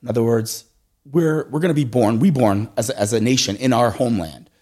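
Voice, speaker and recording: A middle-aged man telling stories in a casual conversation, animated and acting out voices, often checking in with "right?". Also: mid-range voice, fairly quick.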